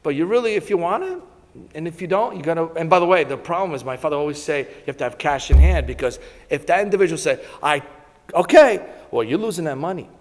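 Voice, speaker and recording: Middle-aged Italian-born man, guest speaker, animated anecdotes, recorded with hall reverb. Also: fairly high pitch, fast talker. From Italy. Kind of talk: storytelling talk to an audience.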